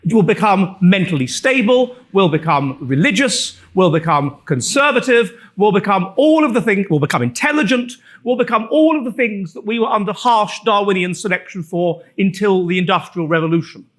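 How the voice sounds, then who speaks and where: A man's voice: high-pitched, lively intonation, normal speed, hardly any pauses, a bit bright. A man giving a sardonic public lecture, with frequent restarts and fillers. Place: lecture room.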